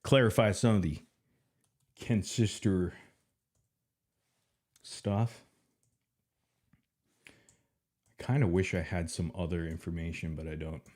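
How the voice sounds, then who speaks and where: A man hosting a livestream in a casual, mocking style, sarcastic and quick to laugh, and out of breath. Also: sits low, steady tone, a little mellow. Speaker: livestream commentary host.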